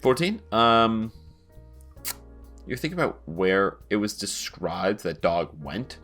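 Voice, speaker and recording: A man runs a tabletop game as game master, explaining options and rules patiently and at length. His voice sits low. Faint background music plays under him. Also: big pitch swings, slow, fairly bright tone.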